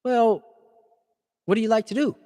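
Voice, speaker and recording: A man playing an adult who gently coaxes a child with leading questions. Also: high voice, fairly even intonation, moderate pace, in a large hall, voice pushed up, close to an everyday voice. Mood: coaxing. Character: coaxing adult man sweet-talking a child.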